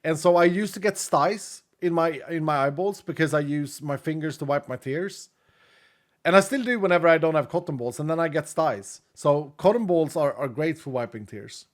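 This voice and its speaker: A man's voice: fairly high pitch, normal speed. A man in his late thirties, a streamer chatting casually with viewers and reading their messages, gushing and emotional and laughing often. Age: late 30s.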